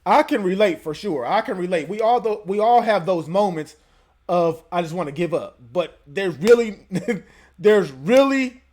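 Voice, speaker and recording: A man's voice: high voice, lively intonation, measured pace, darkish tone. A man hosting casual reaction commentary in a laid-back, conversational way. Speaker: commentary channel host.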